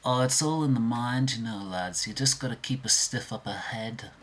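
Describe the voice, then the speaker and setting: A man's voice: mid-range voice, normal speed, a bit bright, lightly acted. A man impersonating a laid-back, spiritual 1960s musician, in a reassuring tone. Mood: mellow.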